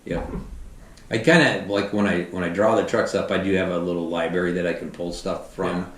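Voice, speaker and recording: A middle-aged man, a fire battalion chief, telling animated anecdotes and acting out quotes in a casual interview. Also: sits low, a little fast. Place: podcast studio. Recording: roomy, somewhat distant mic.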